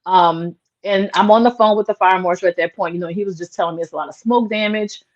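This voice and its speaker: A woman's voice: medium pitch, quick pace. A woman guest in an interview, telling a personal story in an earnest, emotional way, with lots of "like" fillers. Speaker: interview guest, small business owner. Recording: dull lo-fi sound.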